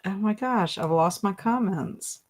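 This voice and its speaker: Speaking at a measured pace in a mid-range voice, a woman hosts a relaxed booktube livestream. She's giggly and talkative, reading viewer comments aloud and frequently laughing at their jokes.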